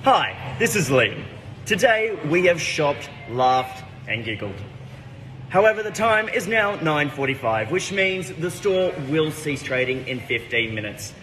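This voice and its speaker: A man's voice: on the high side, sing-song, a little slow, fairly bright tone, big-room sound, slight background noise. A man doing a mock shop closing announcement in a formal announcer tone, humming a jingle between lines. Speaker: store announcer parody.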